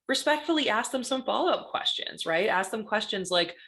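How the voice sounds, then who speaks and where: A woman gives a presentation as a guest speaker. She talks in a lively, conversational way and keeps checking in with her listeners by asking "right?" after her points. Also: medium pitch, fast talker, few pauses. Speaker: guest panelist on stalking. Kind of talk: presentation talk.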